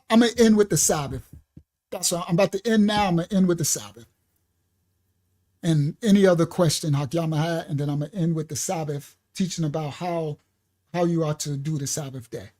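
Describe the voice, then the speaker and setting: A woman from New York preaching a spiritual teaching, laughing often, calling out to listeners by name and slowing down to stress key words. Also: fairly low pitch, a little mellow. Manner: slows down to stress single words. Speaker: minister. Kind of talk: livestreamed sermon teaching.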